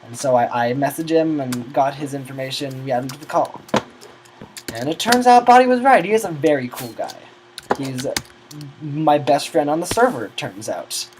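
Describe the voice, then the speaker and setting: A man's voice: mid-range voice, expressive, normal speed, background noise. A teenage boy telling a long, rambling story about gaming friends, often losing his train of thought. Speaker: gamer recounting a server's history.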